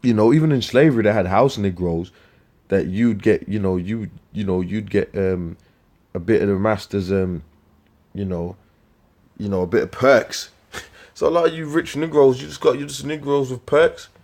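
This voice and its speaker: A man preaching scripture in a profane, scornful rant, with slang, repeated words and sudden loud outbursts. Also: fairly low pitch, normal speed. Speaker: street preacher.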